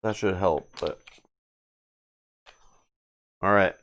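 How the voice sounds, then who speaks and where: Speaking extremely slowly in a deep but fairly bright voice, a man streams himself playing a solo card game at a home gaming table. It's relaxed playthrough commentary, full of laughter and thinking aloud over the cards he reads.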